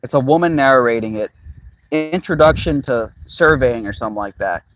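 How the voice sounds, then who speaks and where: A man's voice: medium pitch, moderate pace, fairly bright tone, faint music behind, rough recording. A young man, hosting a casual, rambling monologue to a live chat, swearing freely and laughing at his own jokes. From Miami, Cuban-American. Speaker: channel host.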